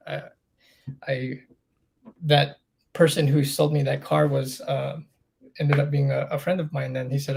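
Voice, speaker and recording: A man's voice: mid-range voice, level tone, unhurried, vocal fry, long pauses, a little mellow, slightly rough. A middle-aged man as a podcast guest, telling his own story candidly and acting out the dialogue with rising intensity. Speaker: interview guest.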